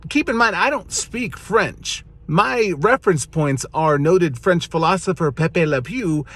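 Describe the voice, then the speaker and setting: A man in his thirties telling a funny personal story, animated and building up to excited punchlines. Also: high-pitched, a little slow, no echo. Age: 30s.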